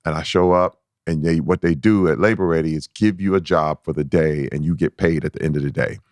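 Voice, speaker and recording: A man with a notably low, deep voice tells a personal story as a podcast guest, animated and emphatic, often repeating himself and restarting mid-thought. The sound is close and dry, with no room echo. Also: fairly quick. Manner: animated, acts out his own past voice in a squeaky high pitch; emphatic, repeats words and restarts when excited. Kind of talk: candid storytelling conversation.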